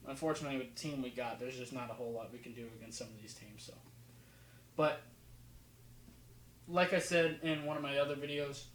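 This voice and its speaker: Male vlogger, slight New Jersey accent, mid-pitched casual commentary, faint room hum. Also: a bit bright, roomy sound, rough recording. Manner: rambling, casual, fillers and restarts. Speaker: football film breakdown host. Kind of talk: casual commentary over game film.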